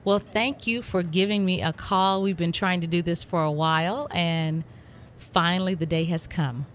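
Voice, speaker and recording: A woman's voice: fairly low pitch, steady tone, moderate pace, slight background noise. A woman hosting a radio show, chatty and teasing. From Texas. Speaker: radio host. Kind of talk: casual radio interview.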